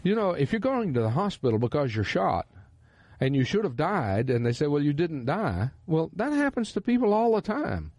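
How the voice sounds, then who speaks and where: A man's voice: fairly high pitch, sing-song, moderate pace, darkish tone, no echo. A man with a Texan accent, hosting a radio Bible teaching program in an earnest, emphatic preaching manner. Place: radio studio.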